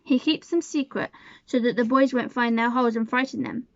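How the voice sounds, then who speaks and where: A woman's voice: fairly high pitch, fairly even intonation, fairly quick, no room sound, natural voice. A woman reading a storybook aloud and voicing an outspoken, wilful young girl in an earnest, insistent way. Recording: dull lo-fi sound.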